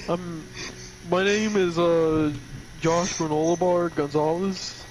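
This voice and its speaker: A man chatting casually with friends, rambling and joking. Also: fairly high pitch. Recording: noisy amateur recording.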